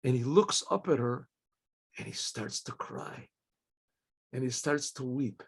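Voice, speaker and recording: A man, a rabbi, giving a Torah class in a halting way, restarting phrases, clearing his throat often and asking himself questions he then answers. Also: medium pitch, expressive.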